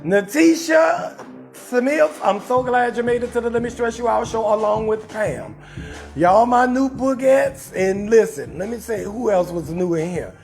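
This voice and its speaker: A man's voice: high voice, normal speed, darkish tone, faint music behind. A man with a New Orleans accent hosting a live-streamed comedy talk show, rowdy and profane as he riffs on viewer comments and roasts them.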